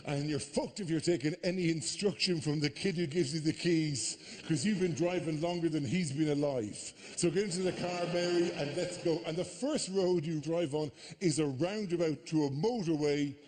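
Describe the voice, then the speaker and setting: Brief: Irish male comic, bit high, rapid swearing stage patter, live theatre with faint noise. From Ireland. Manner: rapid, animated, swearing, jumps into frantic voices. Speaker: stand-up comedian. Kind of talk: stand-up comedy.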